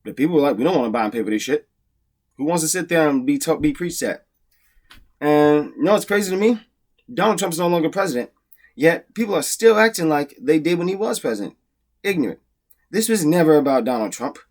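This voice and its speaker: A man with a notably high voice delivers a heated, profane rant straight to the camera. He is blunt and repetitive and hammers the same phrases for emphasis. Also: lively intonation, fairly quick, darkish tone. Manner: heated and blunt, repeats phrases, swears often. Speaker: political commentary video host; comedian.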